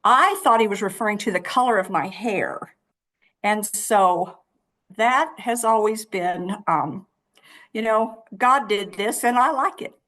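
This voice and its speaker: A woman's voice: mid-range voice, a little slow, fairly bright tone. A woman in her sixties, a guest in a casual interview, telling stories in a chatty way with many fillers and restarts. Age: 60s.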